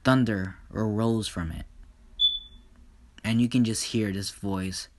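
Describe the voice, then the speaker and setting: Man telling a fan story slowly, casual and rambling, unhurried. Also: lowish voice, fairly even intonation, background noise. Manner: slow, casual, with many "and just". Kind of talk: improvised fan story narration.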